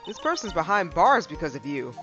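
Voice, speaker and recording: A man's voice: on the high side, very animated, brisk. A man voicing a playful, teasing teenage girl assistant from a legal game. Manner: teasing, bubbly. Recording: dull lo-fi stream mic. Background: game music.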